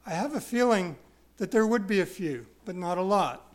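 A man preaching an expository sermon, stressing key words by repeating them and dropping into quiet, self-deprecating asides. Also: sits high, expressive, normal speed. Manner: wide swings from loud stresses to quiet asides.

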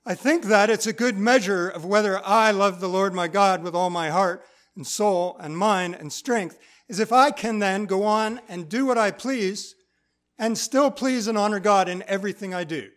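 A man's voice: sits high, moderate pace, a bit bright. A man preaching a sermon in church. He reads scripture aloud and explains it in plain, conversational teaching.

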